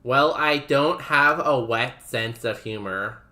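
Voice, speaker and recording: Chatty young man with a bright voice. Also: medium pitch, slow pace. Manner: laughs often, chatty, says "like" a lot. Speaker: streamer. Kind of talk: casual chat while playing a game.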